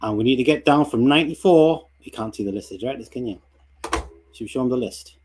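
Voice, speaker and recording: British male host, mid pitch, relaxed and rambling livestream chat. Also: fast talker, husky. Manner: loose, rambling, full of ums and restarts. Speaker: stream host.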